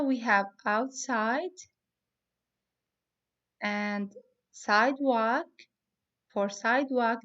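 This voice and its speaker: Female teacher, phonics lesson for kids; slow and deliberate, spells out letters; slightly muffled lo-fi sound. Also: medium pitch. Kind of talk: phonics lesson for young students.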